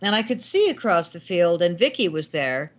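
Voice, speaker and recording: A middle-aged woman, a guest filmmaker, telling animated anecdotes in casual talk and acting out the lines of the people in them. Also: on the low side, moderate pace. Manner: animated anecdotes with acted quotes. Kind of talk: casual storytelling.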